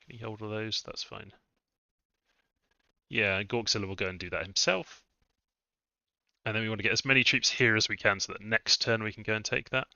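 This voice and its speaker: A man's voice: lowish voice, gravelly, sharp tone, no room sound. A man thinking aloud as he live-streams a strategy game, musing over his moves. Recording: dull lo-fi dry mic sound.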